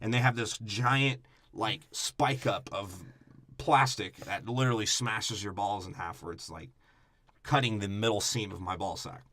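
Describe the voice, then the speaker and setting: A man's voice: on the low side, moderate pace, bright, forceful tone. A man co-hosting a podcast, giving a crude, profane movie breakdown and acting out characters in mocking voices. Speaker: podcast co-host.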